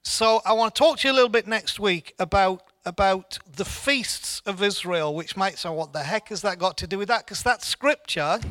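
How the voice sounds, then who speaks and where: A man's voice: sits high, bright, forceful tone, no echo. A man giving an informal church Bible teaching in an earnest way, often repeating words as he restarts.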